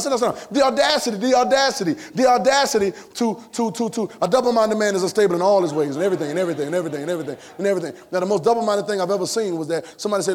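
A male preacher with a voice pitched high for a man delivers a fervent sermon. He talks straight to the congregation in plain colloquial speech and repeats his phrases. He swings between loud shouted lines and quiet, hushed asides.

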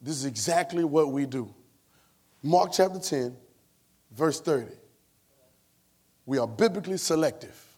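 A man preaching a sermon to a congregation, fervent and colloquial, repeating phrases and swinging between shouts and hushed asides. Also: on the high side, animated, a little slow, long pauses. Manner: repetitive, colloquial, talks to the congregation.

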